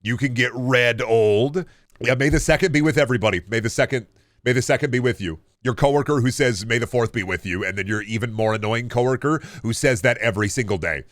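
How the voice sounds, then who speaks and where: A young man streaming a game, talking casually and rambling with lots of swearing as he answers chat, his pitch jumping up and down. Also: fairly quick, no echo, studio quality. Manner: rambling and profane, reacting to chat; pitch leaps up and down often. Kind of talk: casual live-stream chat while gaming.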